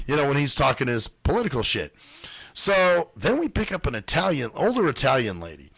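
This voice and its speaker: A man's voice: mid-range voice, big pitch swings, a little fast, gravelly, a bit bright, breathy edge, dry recording. A man hosting a radio show, telling profane stories in casual chat and mimicking the people in them. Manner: profane storytelling, mimics other people's voices.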